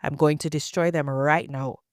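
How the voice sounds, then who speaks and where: Woman reading a wrathful male god, commanding, low pitched, close dry sound. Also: steady tone, moderate pace, a little mellow, no room sound, natural voice.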